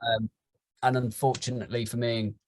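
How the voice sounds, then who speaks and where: A man's voice: medium pitch, level tone, brisk, a little hiss or hum. A young man, a podcast guest, chatting casually in an eager, rambling way. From United Kingdom.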